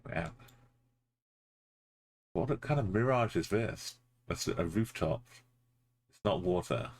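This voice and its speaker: A man's voice: low voice, animated, slow, husky. A man streaming a geography game, casually muttering place names and making playful asides. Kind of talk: casual live-stream commentary while playing.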